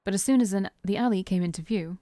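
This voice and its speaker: A woman streamer reading a visual novel aloud in an expressive voice, stopping for chatty, self-deprecating asides. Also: mid-range voice, quick pace, no echo, studio quality. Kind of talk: reading game text aloud with casual asides.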